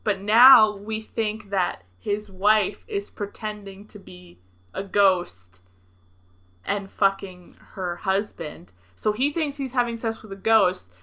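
A young woman co-hosting a podcast in casual chat, amused and thinking out loud as she talks through a story. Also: medium pitch, steady tone, slow pace. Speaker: podcast co-host.

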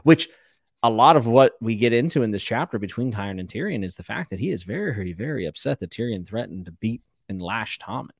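A man co-hosting a casual book discussion podcast, giving blunt, animated opinions. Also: fairly low pitch, a little fast, husky, no room sound, studio quality. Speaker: podcast co-host.

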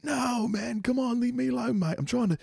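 A man voicing an excitable British man obsessed with one-lane bridges, in a high, strained British accent. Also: a little fast, creaky, slightly rough, no echo, clean studio sound, exaggerated voice. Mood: pleading.

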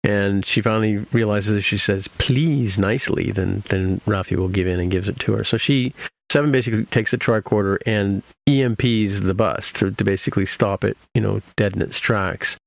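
A man's voice: fairly low pitch, steady tone, brisk, gravelly, no room sound. A man casually recapping an episode for his podcast co-hosts, rambling with many fillers and restarts. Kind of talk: casual chat.

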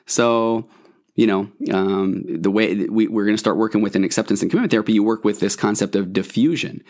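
A man's voice: lowish voice, fairly quick, darkish tone. A man working as a therapist, explaining a therapy model on a podcast in an enthusiastic, conversational teaching way with self-deprecating humor.

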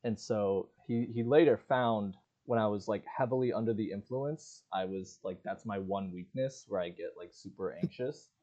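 Young guy podcasting, animated storyteller, does his friends' lines, kinda muffled lo-fi sound. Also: on the low side, normal speed, hardly any pauses. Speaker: podcast co-host. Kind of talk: casual chat.

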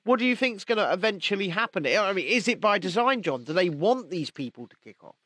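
High-voiced man, emphatic. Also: very animated, fairly quick, a bit bright, no room sound. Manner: emphatic, piles up phrases in lists. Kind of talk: casual chat.

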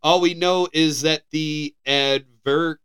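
Young American podcast co-host, bright and crisp voice, jokey headline reader. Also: male voice, on the high side, steady tone, takes it slowly. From United States. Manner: joking, stumbles over words while reading. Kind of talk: casual podcast chat, reading headlines.

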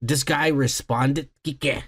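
A man's voice: medium pitch, steady tone, takes it slowly, breathy edge. A man co-hosting a podcast in casual chat, crude and rambling, repeating "yeah, yeah, yeah". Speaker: podcast co-host.

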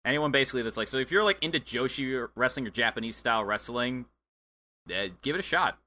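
A man's voice: mid-range voice, expressive, fast talker, pushed and bright. A man co-hosting a podcast, chatty and enthusiastic, with frequent hesitant fillers. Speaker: podcast co-host. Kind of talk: casual podcast chat.

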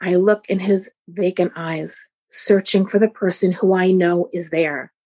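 A woman with a slightly low, husky voice recounts a personal story. Her telling is measured and reflective, laid out in short phrases. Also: steady tone, darkish tone. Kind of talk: personal story told to an audience.

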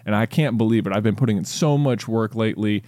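A man's voice: lowish voice, fast talker, warm tone, no room sound, clean studio sound, natural voice. A man doing an indignant fired worker.

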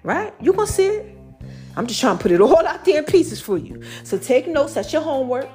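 A woman's voice: high voice, big pitch swings, fairly quick, a little mellow, faint music behind. A woman hosting a podcast, giving playful, preachy encouragement in casual slang. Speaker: podcast host. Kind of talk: casual motivational podcast talk.

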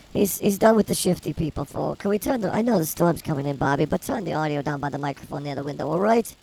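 A woman on a casual comedy podcast tells a rambling story, wry and deadpan. Her voice sits low, with a gravelly edge and a husky grain. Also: rough recording. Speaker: podcast co-host.

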